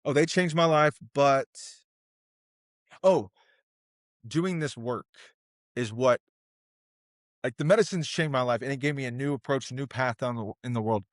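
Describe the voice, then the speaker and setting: A man's voice: medium pitch, normal speed, pauses often, dry recording, studio quality. A man guest on a podcast, telling his story in an earnest, passionate, rambling way with lots of fillers. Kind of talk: casual interview conversation.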